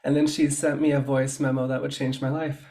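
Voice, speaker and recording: A man being interviewed about his work as a stylist, telling his story in a chatty, animated way. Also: mid-range voice, brisk. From Canada. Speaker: guest, fashion stylist. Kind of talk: casual interview chat.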